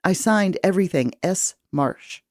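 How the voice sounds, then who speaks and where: Woman reading an audiobook in first person, low dark voice, dry close sound. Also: animated, unhurried, no room sound. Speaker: audiobook narrator.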